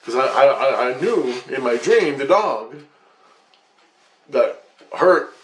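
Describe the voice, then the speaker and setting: A man tells a long dream story in a loose, rambling monologue, swearing often and growing agitated as he talks. His voice sits at an ordinary middle pitch. It sounds like a bare, echoey room with a faint hiss underneath. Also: expressive, slow pace. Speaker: vlogger recounting dreams.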